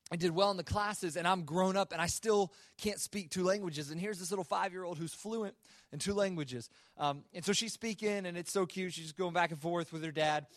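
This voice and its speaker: A young man giving a sermon to a student worship gathering, telling a personal story in a relaxed, conversational way with self-mocking humor and plenty of fillers. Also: high voice, brisk, no room sound, clean studio sound. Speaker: speaker at a student worship service. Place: live worship service.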